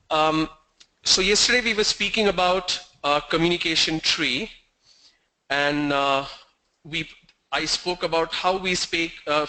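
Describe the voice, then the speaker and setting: Over a video call mic, a man runs an online English lesson, firing questions at the class and joking around teasingly. He has a bright, forceful voice on the high side, though the audio quality is poor.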